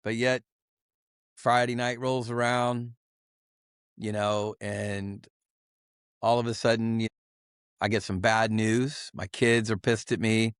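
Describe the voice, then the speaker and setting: A middle-aged man giving a candid personal testimony as a podcast guest, earnest and confessional, halting with many fillers and restarts. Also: on the low side, flat delivery, clean tone, no room sound, studio quality. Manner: halting, full of "you know" fillers and restarts.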